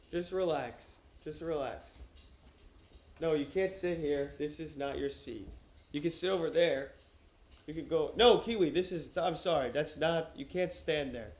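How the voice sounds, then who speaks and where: A man chatting casually and profanely on a livestream from a room at home while wearing headphones, joking around as he reads a novel aloud. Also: fairly high pitch. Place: room at home with his dog. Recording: roomy echo.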